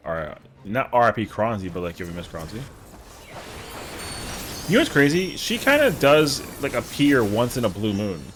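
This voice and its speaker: Animated slangy male game streamer. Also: medium pitch, moderate pace, faint music behind. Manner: rambling, slangy, answers chat. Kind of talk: casual live-stream chatter.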